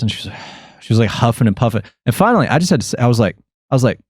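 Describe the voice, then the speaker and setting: A man's voice: fairly low pitch, expressive, rapid-fire, a little mellow, no room sound, clean studio sound. A man hosting a podcast, chatting casually and telling a story in an opinionated way, acting out both sides of the exchange. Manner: frequent restarts and repeated "I was like". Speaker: podcast host.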